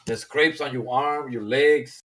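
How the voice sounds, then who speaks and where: A middle-aged man chatting casually on a voice call, telling lively stories and acting out old-timers in a high voice. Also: measured pace. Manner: animated storyteller who acts out old-timers in a high voice. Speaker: discord caller. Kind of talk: casual chat. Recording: voice chat over discord.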